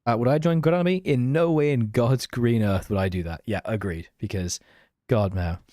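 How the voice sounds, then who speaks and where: Casual live-stream chatter comes from a young man who reads and replies to his chat and keeps running himself down. He speaks at normal speed in a mellow, mid-range voice, with a dry, booth-like recording free of room sound.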